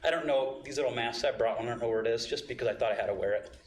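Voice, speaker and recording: A man giving an impassioned, emotional public comment at a board meeting, rising to loud, emphatic outbursts. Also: medium pitch, very fast, echoey room.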